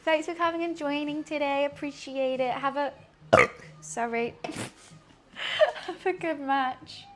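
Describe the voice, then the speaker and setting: A woman's voice: high voice, steady tone, measured pace, pauses often, fairly bright tone. A young woman, chatting casually and giggling as she answers her live-stream chat while cooking in her home kitchen.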